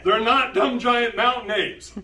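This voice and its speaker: A man giving an animated storytelling talk to an audience, emphatic and repeating key words. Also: very high voice, unhurried, roomy sound, recorded from a distance, low-quality recording. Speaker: speaker presenting to an audience.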